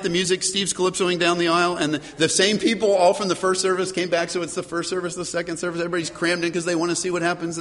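Middle-aged male pastor, fairly high voice, animated storytelling sermon, long church reverb. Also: a little hiss or hum. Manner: animated storyteller, chuckles, repeats words.

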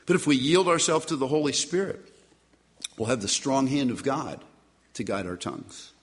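A man's voice: mid-range voice, moderate pace. Man preaching in a reverberant hall. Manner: emphatic preaching with rising and falling delivery. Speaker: pastor. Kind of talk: sermon. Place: church sanctuary. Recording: long reverb of a church hall.

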